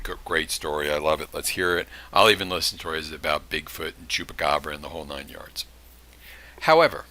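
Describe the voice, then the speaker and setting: A man's voice: low voice, sharp tone. A man teaching criminal justice in a recorded lecture, talking casually and acting out short examples. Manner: conversational, with acted-out examples and asides.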